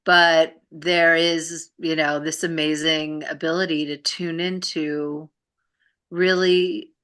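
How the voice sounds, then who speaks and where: Low-voiced woman guest, bright and punchy tone, reflective, laughs easy. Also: level tone, takes it slowly, clear, resonant tone. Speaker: guest in a spiritual conversation. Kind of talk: casual conversation.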